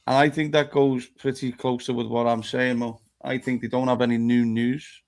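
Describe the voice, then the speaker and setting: A man's voice: mid-range voice, little pitch movement, normal speed, darkish tone. A man hosting a live fan talk show, sweary and blunt, reading out comments from viewers.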